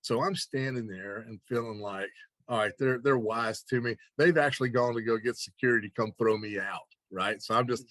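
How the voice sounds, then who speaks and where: Man, mid-pitched, animated storyteller who acts out the dialogue; dry close mic. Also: normal speed, no room sound. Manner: animated anecdote telling with laughs and quoted dialogue. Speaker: interview guest. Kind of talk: casual storytelling.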